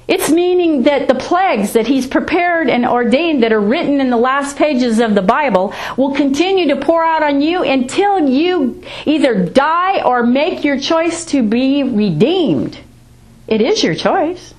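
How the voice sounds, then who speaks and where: A woman's voice: high voice, animated, a little slow. A woman preaching a sermon, reading scripture aloud and driving her points home with rising and falling emphasis.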